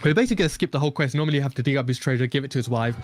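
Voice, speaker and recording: A man's voice: medium pitch, very fast, faint music behind. A man giving chatty, joking live commentary on a speedrun, explaining game tricks.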